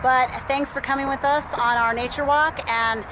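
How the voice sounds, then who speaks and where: Young mom vlogger filming a walk, higher-pitched voice, laughing, a little winded, faint outdoor noise behind. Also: female voice, steady tone, normal speed. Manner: chatty, laughing often, cooing at her toddler. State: out of breath from walking. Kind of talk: casual family vlog narration. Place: outdoor nature trail.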